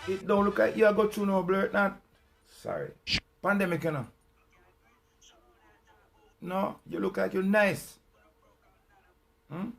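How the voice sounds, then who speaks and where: A man's voice: sits high, expressive, slow, gravelly, pauses often, soft background music. Sarcastic Jamaican man teasing on a mock call. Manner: teasing, sarcastic patois with stammered repeats. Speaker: host.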